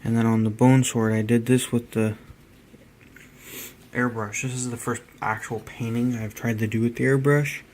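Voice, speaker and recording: A tired man narrating a casual hobby painting vlog, halting and rambling as he trails off mid-thought. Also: mid-range voice, little pitch movement, darkish tone, a little hiss or hum. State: tired, yawning.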